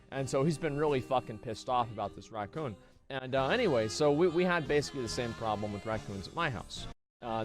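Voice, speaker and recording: An American man telling a long story on stream, rambling and swearing with many fillers. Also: mid-range voice. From United States. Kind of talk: casual storytelling.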